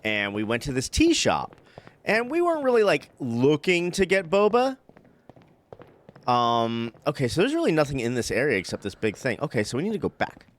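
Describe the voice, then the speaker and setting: A man's voice: on the high side, wildly swooping pitch, moderate pace. A young man rambling through casual stories while streaming a game, laughing often, with many fillers. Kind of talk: casual let's-play chat.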